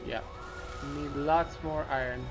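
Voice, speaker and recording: A man's voice: fairly high pitch, fairly even intonation, slow pace, loud music behind the voice. A man giving casual gameplay commentary, muttering to himself and swearing often. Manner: profane, muttering, talks to himself. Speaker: let's play commentator.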